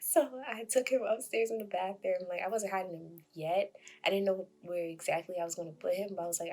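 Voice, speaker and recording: A young woman casually telling a story to camera, chatty and quick to laugh, acting out what people said, over faint music. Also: lowish voice, steady tone, warm tone. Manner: chatty, laughing, acts out quotes. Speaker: vlogger.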